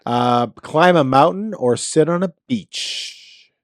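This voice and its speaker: A man's voice: fairly high pitch, slow, dry recording, studio quality. Playful male podcast host. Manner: playful, laughing quiz-master. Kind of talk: casual chat, quick-fire questions.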